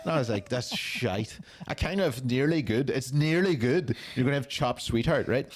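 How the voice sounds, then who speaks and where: A man's voice: medium pitch, lively intonation, moderate pace. A man co-hosting a podcast, reviewing a film in casual chat with a blunt, sweary, mocking manner. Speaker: podcast co-host.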